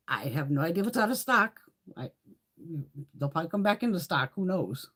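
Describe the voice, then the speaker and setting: A middle-aged woman chats casually through a beauty livestream, swearing freely as she tells stories. Her voice sits low but swings widely in pitch when she gets animated. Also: fast.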